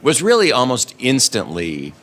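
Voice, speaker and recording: A man answering interview questions in a halting way, searching for his words with many restarts. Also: medium pitch, wildly swooping pitch, a bit bright.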